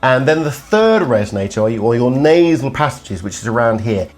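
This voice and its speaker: A man's voice: mid-range voice, animated, fast, few pauses. Man coaching voice, faint music behind. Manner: demonstrative, hums and sings examples. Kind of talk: vocal exercise lesson.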